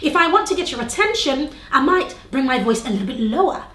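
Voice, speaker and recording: A woman's voice: sits high, animated, fast, fairly bright tone, echoey room. A young adult woman teaching on-camera tips to the viewer, shifting her tone and pace on purpose and checking in with questions. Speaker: video presentation coach. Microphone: camera facing speaker.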